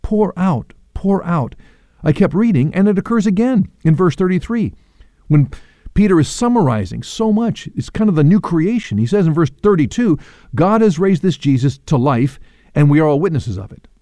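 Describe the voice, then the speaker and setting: A man's voice: a little high, sing-song, a little fast, warm tone, no room sound. A man hosting a radio Bible teaching, reflective and thinking aloud with small restarts.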